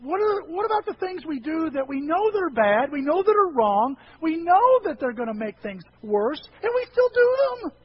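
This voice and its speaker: A man preaching a sermon to his church, swinging between hushed asides and loud, animated outbursts. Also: very high voice, normal speed, hardly any pauses, dull audio, a little hiss or hum. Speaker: pastor.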